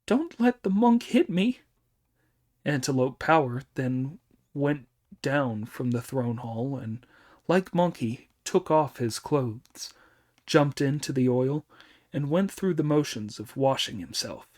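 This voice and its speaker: A man reads a classic tale aloud as audiobook narration. His delivery is slow and measured, every phrase given room. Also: mid-range voice, darkish tone. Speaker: audiobook reader.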